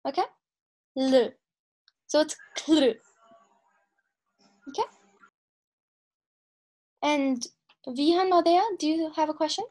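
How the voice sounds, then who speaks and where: A woman with a high voice leads an online lesson at an unhurried pace. She sounds out each syllable patiently for her students over a video call. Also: a little mellow. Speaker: language teacher. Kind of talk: online class, calling on students.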